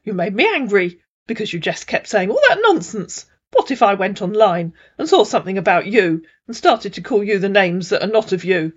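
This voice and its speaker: A woman's voice: medium pitch, big pitch swings, normal speed, hardly any pauses, slightly rough, dull audio. A woman voicing an aggrieved male online scammer posing as a surgeon, protesting in a plaintive, self-righteous way.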